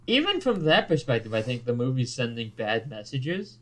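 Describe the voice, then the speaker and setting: A man's voice: mid-range voice, very animated, moderate pace, a bit bright, slight background noise. A young man co-hosting a podcast, chatting casually, joking and swearing a lot. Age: young adult. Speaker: podcast co-host. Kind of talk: casual chat.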